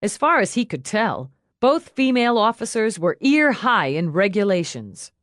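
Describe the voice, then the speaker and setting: A woman narrating an audiobook in a steady, scripted storytelling style on a close mic. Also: medium pitch, moderate pace, dry recording.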